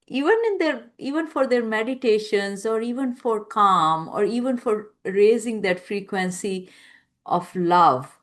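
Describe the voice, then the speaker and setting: A woman hosting a podcast interview, speaking in a calm, affirming way with soft spiritual phrasing. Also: mid-range voice. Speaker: podcast host. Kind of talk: slow, gentle interview talk.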